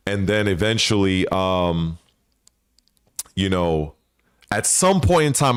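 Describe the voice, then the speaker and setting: Male gaming host, lowish voice, dry close sound, loose and profane speculative riffing. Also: sing-song, takes it slowly, smooth, no echo. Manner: rambling and profane, with frequent restarts. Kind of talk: casual speculative commentary.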